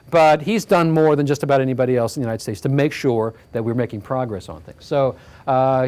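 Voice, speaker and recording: A man's voice: a little high, a little mellow. A man giving a community lecture on slides, conversational and full of fillers, checking in with the audience. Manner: conversational, full of fillers and "all right?" asides. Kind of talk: public talk with slides. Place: community hall talk.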